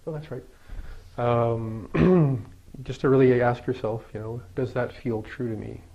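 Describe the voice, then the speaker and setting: A man's voice: mid-range voice, fairly even intonation, measured pace, vocal fry. Man, middle-aged, Daoist teacher, playful, conversational, dull lo-fi recording. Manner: playful, joking, laughs often; loose and conversational with many fillers. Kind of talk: teaching a small group. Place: room with a live group.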